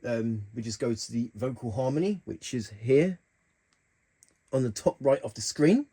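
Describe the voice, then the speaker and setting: A man's voice: mid-range voice, expressive, normal speed, dark tone, husky. A man hosting a keyboard tutorial, talking casually through the settings with plenty of fillers and restarts. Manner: chatty, hesitant with fillers and restarts.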